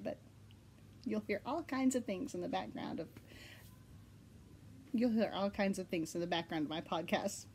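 A bubbly, excitable woman with an Oklahoma accent, chatting casually at home as the host of a knitting podcast. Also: mid-range voice, normal speed, long pauses, a little hiss or hum. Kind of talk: casual chat.

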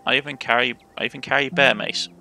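A man's voice: mid-range voice, steady tone, fast, creaky, sharp tone, a little hiss or hum. A man with a Cornish accent voicing a bold, adventurous young woman who hunts monsters, talking in a chatty, reassuring way with stumbling restarts.

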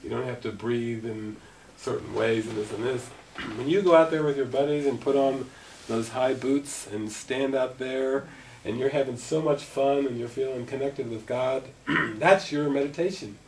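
Speaking at medium pitch and a moderate pace, a middle-aged man delivers a spiritual talk in a meeting room at a gathering. He's a spiritual teacher and a lively storyteller who performs the dialogue in his stories. The mic is distant, with faint noise.

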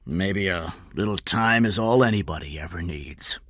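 A weary male criminal speaks low and subdued, as a narrator puts him on, sometimes dropping to a breathy hush. The storybook reading is recorded dry and close. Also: moderate pace, no room sound. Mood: sad, hushed.

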